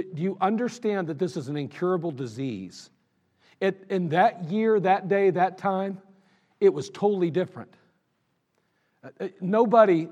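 A male pastor preaching a sermon, swinging between loud exhortation and low, intimate talk.

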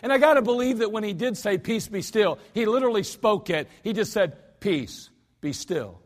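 Pastor, male, high-pitched, casual sermon delivery with sudden loud outbursts. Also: a little fast. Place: church sanctuary.

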